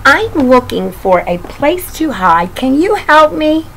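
A woman voicing a small, timid female lamb in a picture book read aloud, in a high, childlike sing-song voice. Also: big pitch swings, takes it slowly, creaky, fairly bright tone, slight background noise, heavily acted, rough recording. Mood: pleading.

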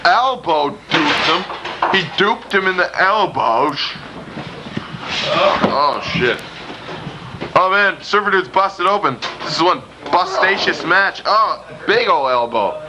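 A man doing profane, excited play-by-play of a backyard wrestling match while filming it, gasping and laughing. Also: high voice, slow, background noise. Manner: swears often, loud gasps and laughs. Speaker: backyard wrestling commentator and cameraman.

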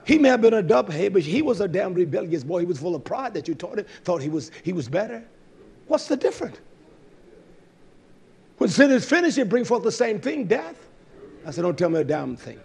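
A man preaching a sermon, bluntly scolding, repeating lines for stress and swinging from soft low talk to loud shouting. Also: sing-song, brisk, creaky, long pauses. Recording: live-streamed service.

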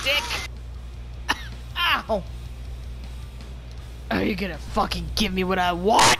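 A woman improvising profane character banter while playing a game, brash and prone to sudden shouts. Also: mid-range voice, lively intonation, takes it slowly, creaky, over music. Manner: brash, swearing, bursts into shouts. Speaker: gamer voicing characters over party chat. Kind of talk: improvised profane role-play while gaming.

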